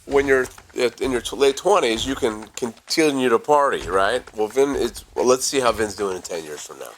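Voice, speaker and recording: A man's voice: medium pitch, moderate pace, a little hiss or hum. A man, a father, casually chatting and teasing his son. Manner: teasing, repetitive. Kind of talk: casual chat.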